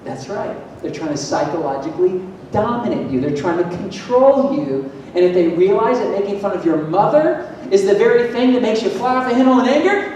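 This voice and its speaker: Emphatic man speaking in an echoey hall. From Florida. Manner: lively, emphatic, asks the audience questions. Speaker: motivational speaker at a school event. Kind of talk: energetic public talk to an audience. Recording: echoey hall, distant mic, faint rumble.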